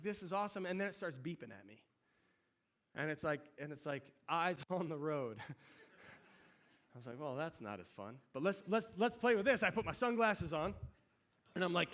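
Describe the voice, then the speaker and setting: A middle-aged pastor with a high-pitched voice preaches a sermon, telling a story in an animated, conversational way.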